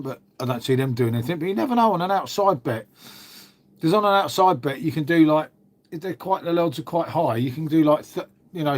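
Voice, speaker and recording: A middle-aged man talks casually on a livestream, answering chat in a laid-back, rambling way. He swears freely and leans on mate and innit. His voice sits a touch higher than most men's. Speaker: livestream host reading chat.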